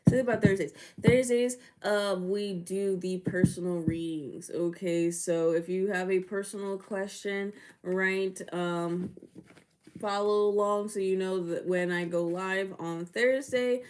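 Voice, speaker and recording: Slow, chatty woman livestream host. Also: medium pitch, steady tone, darkish tone. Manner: chatty, laughs often, greets viewers by name. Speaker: livestream tarot reader and host. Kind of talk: casual livestream chat.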